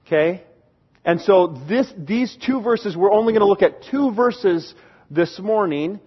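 Man, sermon, husky, earnest pleading emphasis, dull lo-fi sound. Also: sits high, expressive, a little slow. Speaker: pastor.

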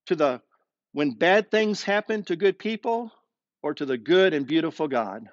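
A male pastor delivers an expressive sermon, often slowing down and sinking into a low voice to stress a point. His voice sits fairly high. The recording is dry and slightly dull. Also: no room sound. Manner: expressive preaching, slows down and drops low for emphasis. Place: streamed sermon with online chat.

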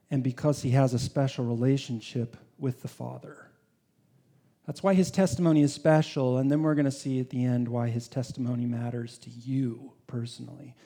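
A man preaches with a high, very lively voice. His delivery swings from loud, emphatic lines down to hushed whispers. His pitch leaps constantly as he drives his points home to the congregation. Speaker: pastor. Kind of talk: sermon. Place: church congregation in the UAE.

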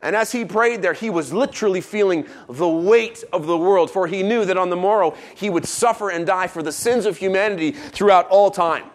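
A man preaching a sermon as pastor, who drops low and quiet for emphasis and adds playful asides. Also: fairly quick, hardly any pauses.

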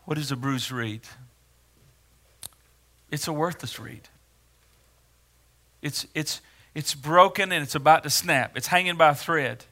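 Male pastor, sermon, dramatic, hushed to loud, bright voice. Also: a little high, measured pace, long pauses.

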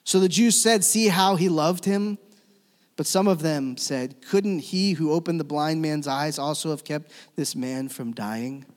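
A man preaching a sermon as a pastor, swinging between loud emphatic lines and hushed, slow ones. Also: on the high side. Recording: long reverb of a church hall.

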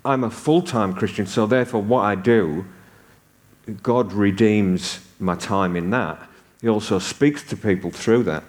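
A man in his sixties from the north of England, preaching a sermon and telling stories with humor. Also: lowish voice. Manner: conversational storytelling with humor.

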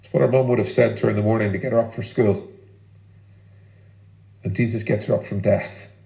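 A man preaching a sermon as pastor, earnest and emphatic, with deliberate pauses. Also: on the low side, fairly even intonation, creaky, mellow, roomy sound, low-quality recording.

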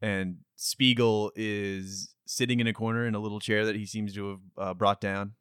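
A man narrating as game master of a tabletop game, relaxed and hesitant, filling pauses with "uh". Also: fairly low pitch, clear, resonant tone, dry recording, clean studio sound. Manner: relaxed, hesitant, lots of "uh" while describing scenes.

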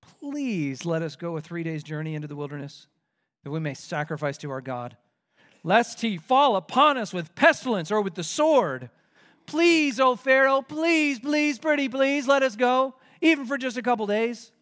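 A man's voice: very high-pitched, expressive, moderate pace, a bit bright, voice pushed up. A man voicing two desperate male petitioners who beg and whine before a king. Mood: pleading. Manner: begging, whiny.

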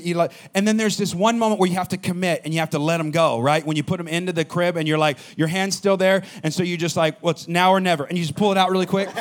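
A man with a slightly higher voice preaches a sermon, telling a personal story in a conversational style. He gets animated, then drops to a near hush when the story turns quiet. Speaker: pastor.

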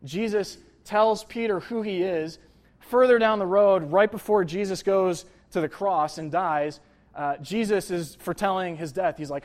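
A man's voice: high voice, measured pace. Casual, joking young preacher man. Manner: conversational, jokey, lots of fillers like "like" and "uh". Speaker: pastor. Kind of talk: casual sermon.

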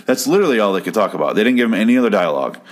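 A man's voice: lowish voice, very animated, very fast. A man giving a casual, rambling recap of a TV episode, swearing freely and sounding exasperated. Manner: profane, exasperated, rambling with restarts. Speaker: show recap host. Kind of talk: casual ranting commentary.

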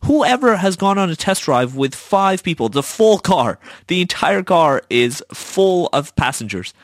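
A man's voice: high-pitched, sing-song, a little slow, no room sound. Young man telling a chatty, swearing story. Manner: chatty, swears freely, lots of fillers. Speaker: podcast host. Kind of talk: casual storytelling monologue.

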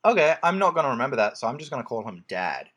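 A man chats casually through a movie recap, his pitch bouncing up and down as he jokes. He rambles, circles back with "um" and "anyway," and keeps restarting his sentences. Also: sing-song, very fast, a bit bright. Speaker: podcast co-host recapping a film. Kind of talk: casual chat.

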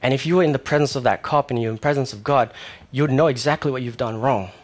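A young man preaching a sermon in a conversational way, with fillers and animated stories. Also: mid-range voice, fast talker.

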